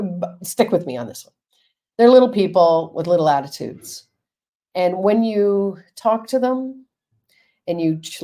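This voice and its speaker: A woman's voice: deep voice, creaky, warm tone. A woman, a counselor and Reiki teacher, talking frankly and reassuringly to viewers in a live stream.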